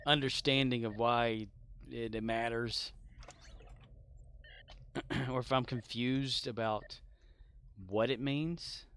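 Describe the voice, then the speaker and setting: A man's voice: medium pitch, fairly bright tone, clean tone. A man streaming a game, chatting casually as he plays, joking, rambling off on tangents and laughing often. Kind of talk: casual gameplay chat.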